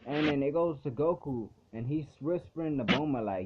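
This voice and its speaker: A man's voice: a little high, expressive, normal speed, background noise. A man giving a casual, rambling recap of an anime episode as a reviewer. He leans hard on "like" as a filler and swears freely. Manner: rambling, heavy use of "like" fillers, frequent swearing. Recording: tinny phone-like audio.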